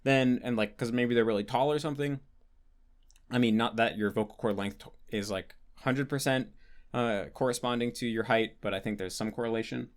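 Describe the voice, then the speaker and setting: Young male host, casual Q&A, rambling explainer, mid-pitched, lots of filler words. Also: steady tone, moderate pace. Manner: rambling, restarts with many likes, explanatory. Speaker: host answering patron questions. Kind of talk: casual Q&A monologue.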